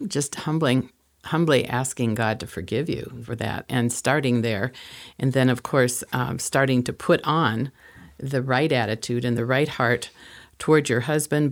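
A woman, a guest on a talk show, giving calm, step-by-step counseling advice. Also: very deep voice.

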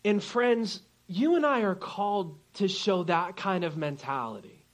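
A pastor with a fairly high voice preaches to his congregation, spinning a lively personal story. He plays the people he quotes, switching voices as the tale goes on. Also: measured pace, hardly any pauses, lo-fi sound. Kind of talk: sermon with storytelling.

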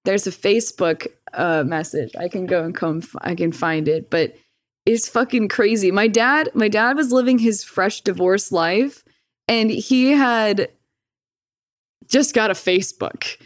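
A woman in casual conversation who curses freely and laughs often as she talks. She slips into livelier voices when she quotes people. Her pitch sits in an ordinary middle range. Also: measured pace. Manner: profane, laughs often, acts out quoted lines. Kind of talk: casual chat.

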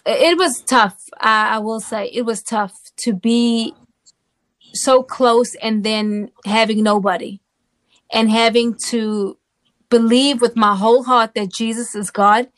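Higher-voiced woman telling her story. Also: takes it slowly. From South Africa. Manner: animated storyteller, often checks in with "okay?". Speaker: interview guest. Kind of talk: personal testimony storytelling.

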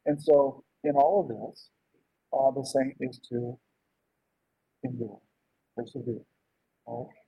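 A man with a husky, slightly breathy voice gives a loose, conversational sermon. He keeps checking in with his listeners and asking "right?" as he talks. The recording sounds dull and lo-fi. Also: mid-range voice, fairly even intonation, takes it slowly, long pauses, no room sound. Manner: informal, asks "right?" often. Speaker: preacher.

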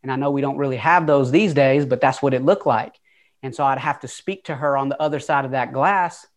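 Southern guy in his 20s, open and earnest, just talking through his story in a mid-pitched easy voice. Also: brisk. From Atlanta, USA. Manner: open, earnest, conversational with fillers. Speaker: guest. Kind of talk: casual interview storytelling.

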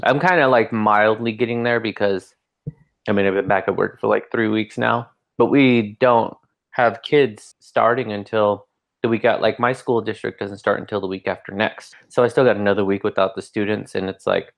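A man's voice: lowish voice, steady tone, moderate pace, creaky. A man co-hosting a podcast in casual chat, telling loose, profane stories full of fillers. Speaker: podcast co-host, school principal.

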